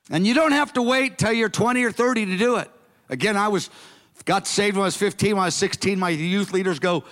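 A man in his sixties preaching a sermon to young people, earnest and emphatic, slowing down to stress key phrases. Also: high voice, fairly bright tone. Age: 60s. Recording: long hall reverb.

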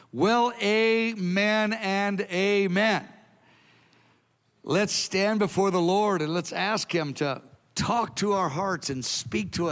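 A man's voice: sits high, a bit bright. A man preaching a sermon in an earnest, emphatic way, then leading a prayer. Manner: earnest, emphatic, quoting scripture in a raised voice.

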